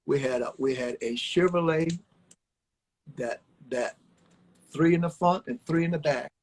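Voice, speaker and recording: A former ballplayer from Alabama, now an older man, guests in a livestreamed interview from home, telling folksy, meandering stories and echoing his own words. His voice sits fairly high and he talks a little slowly. The phone recording is low quality.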